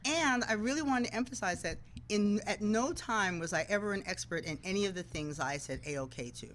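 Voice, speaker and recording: A woman's voice: mid-range voice, a little fast, a little hiss or hum, low-quality recording. A woman who works as a TV news anchor, a guest in a casual interview, telling stories and acting out the voices of people she quotes. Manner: animated, acts out quoted voices.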